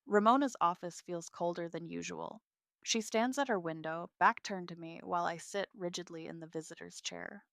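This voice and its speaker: Woman narrating a family drama, cool and clipped, bright voice, dry close mic. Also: on the low side, fairly even intonation, normal speed, vocal fry, smooth, dry recording. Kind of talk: first-person drama narration.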